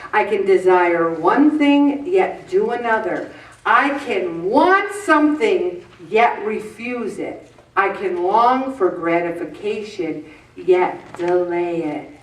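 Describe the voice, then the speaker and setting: A woman's voice: mid-range voice, recorded from a distance. Preachy woman in her fifties, echoey room. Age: 50s. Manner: earnest and preachy, with humorous asides. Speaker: weight-loss group leader. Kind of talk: preachy motivational talk to a group. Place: meeting room with an audience.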